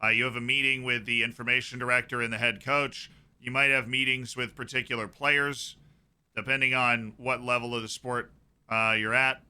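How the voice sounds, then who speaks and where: Male streamer, young adult, casual live chat with excited bursts; very bright, crisp voice. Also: medium pitch, normal speed. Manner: chatty, reacting with sudden excited outbursts. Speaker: streamer hosting a watchalong.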